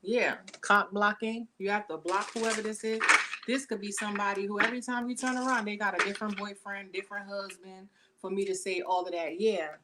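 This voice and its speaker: A woman's voice: mid-range voice, fairly even intonation, a little fast, very noisy. A woman giving a casual tarot reading to camera, talking in blunt, slangy, profane chatter into the camera mic. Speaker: tarot reader.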